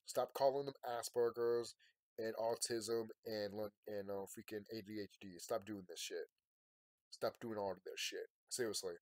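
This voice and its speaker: A man's voice: fairly low pitch, no room sound, studio quality. Man ranting in a late-night vlog. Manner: rambling, swings from quiet and tired to loud and ranting. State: sleepy, yawning. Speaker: vlogger. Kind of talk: late-night emotional monologue to viewers.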